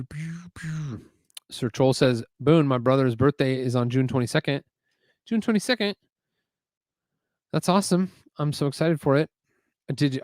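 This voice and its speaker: A man's voice: mid-range voice, darkish tone, no echo, clean studio sound. A man hosting a casual livestream from his garage, building a set while thinking aloud and reading out viewer messages. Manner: chatty, muses aloud, reads chat messages. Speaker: LEGO building livestream host. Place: home garage.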